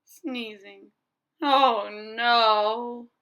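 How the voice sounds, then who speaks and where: A woman's voice: on the high side, steady tone, a bit bright, clean tone, muffled recording. Gerald, a woman doing a fretful elephant. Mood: worried, dramatic. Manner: slow, halting, prone to sneezing fits. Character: anxious elephant boy, dramatic and worried.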